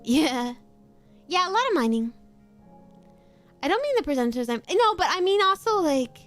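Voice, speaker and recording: A woman chatting casually while playing a game on stream, rambling through quick asides and laughing often. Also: on the high side. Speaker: VTuber streamer. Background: faint background music.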